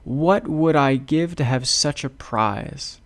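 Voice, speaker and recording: A man voicing an eager young fairy-tale man who longs for what others have, read in a plain, gravelly voice. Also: mid-range voice, sing-song, unhurried, a little mellow, full character voice. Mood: longing.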